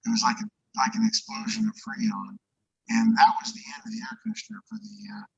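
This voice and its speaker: A middle-aged man recounting a story on a live stream, his speech halting and slipping into whispers, with distorted robotic audio from his mic. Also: sits high, fairly even intonation, creaky, fairly bright tone, dull audio, a little hiss or hum. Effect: distorted robotic mic sound. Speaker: guest treasure hunter.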